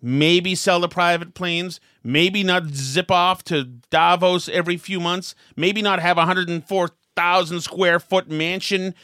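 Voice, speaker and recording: A man's voice: sits high, steady tone, measured pace, few pauses, sharp tone, clear, resonant tone, dry recording, clean studio sound. A man hosting a political talk show, ranting with sarcastic exasperation. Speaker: host.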